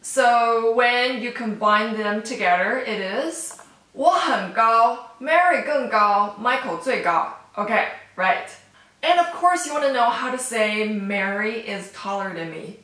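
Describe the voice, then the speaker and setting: A woman teaching an online language lesson, who speaks slowly and repeats each word several times. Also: a little high, expressive, bright, forceful tone, heavy reverb, far from the mic, poor audio.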